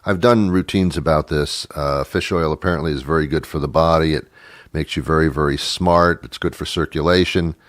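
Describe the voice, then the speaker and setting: A man's voice: a bass voice, steady tone, fairly quick, no room sound. Middle-aged guy host riffing a comedy bit, dry close sound, rambly and wry. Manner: rambling, self-interrupting, wry. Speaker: radio show host. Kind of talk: comedic monologue.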